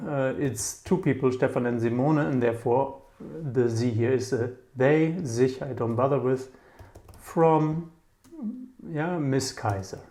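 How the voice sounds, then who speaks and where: Slow, musing male language teacher. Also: mid-range voice, mellow. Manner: slow, musing, repeats words aloud, frequent "yeah?" checks. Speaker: German teacher. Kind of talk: casual explanatory lesson.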